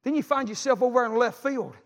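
A middle-aged man, preaching a sermon as a pastor, telling folksy stories with animated emphasis. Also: very high voice, a little fast. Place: church sanctuary. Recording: long church reverb.

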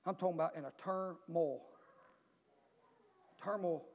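A man preaches with a high, ringing voice, swinging between homespun storytelling and passionate, shouted appeals. His words trail off into a long, echoing reverb. The recording sounds dull and muffled. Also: unhurried. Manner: folksy storytelling that builds to impassioned shouting. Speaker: pastor. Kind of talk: sermon. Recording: echoey hall, dull lo-fi sound.

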